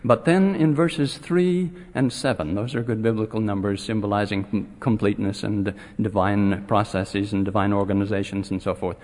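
A man teaching a scripture class. He speaks haltingly with many filler pauses and grows animated when he retells a story. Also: lowish voice, in a large hall.

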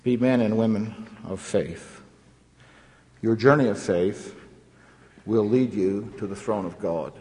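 A man delivers a formal sermon in a measured, solemn manner, with old scriptural phrasing woven through his storytelling. His voice sits low and a little husky. The sound carries a long echo, as if from a large hall. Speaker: preacher.

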